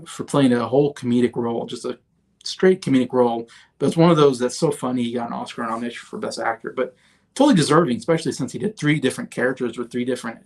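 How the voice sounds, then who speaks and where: A man in his thirties hosting a casual movie review livestream, chatty and rambling, with many fillers and restarts. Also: mid-range voice. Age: 30s. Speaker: host.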